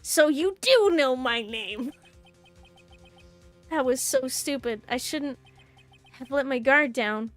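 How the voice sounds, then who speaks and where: A woman voicing an earnest young male defense lawyer from a video game, speaking with quiet determination. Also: sits high, animated, takes it slowly, long pauses, soft background music. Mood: determined.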